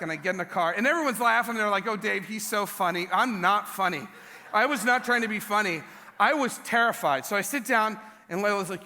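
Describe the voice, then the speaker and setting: A young adult man preaching a sermon in a church, telling a story with animated, self-mocking humor. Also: high voice, brisk. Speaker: pastor. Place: large church hall. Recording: long church hall reverb.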